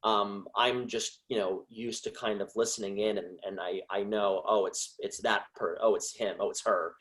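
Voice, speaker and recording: A man who is a voice actor, talking as a guest in a casual interview, halting and restarting his sentences often. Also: on the low side, steady tone, fairly bright tone. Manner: halting, with frequent restarts and trailing phrases.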